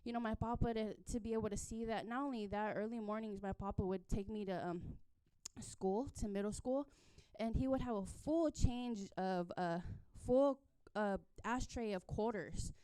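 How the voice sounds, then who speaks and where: A woman's voice: mid-range voice, moderate pace, warm tone, clean tone, no echo. A young woman sharing a personal testimony at a church service, telling a family story with many fillers. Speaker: church member giving a testimony.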